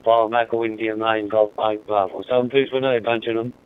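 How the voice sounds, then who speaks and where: Irish man, radio chat, flat steady pitch, smooth clear voice, phone-like radio sound. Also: normal speed. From Ireland. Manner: warm-mannered, repeats his call sign. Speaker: amateur radio operator. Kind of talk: casual radio contact chat. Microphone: mobile radio. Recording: narrow-band two-way radio audio.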